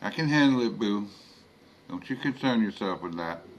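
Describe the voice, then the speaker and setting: A man voicing a short, warm Haitian Creole woman with a Haitian accent, in a spoken horror story. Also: lowish voice, lively intonation, normal speed, a little hiss or hum. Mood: teasing. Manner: teasing, affectionate, calls him Boo.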